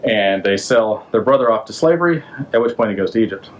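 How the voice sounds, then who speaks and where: A podcast host casually retelling a Bible story in a loose, slangy, conversational way, stopping to ask the listener questions. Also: male voice, on the low side, lively intonation, quick pace, poor audio.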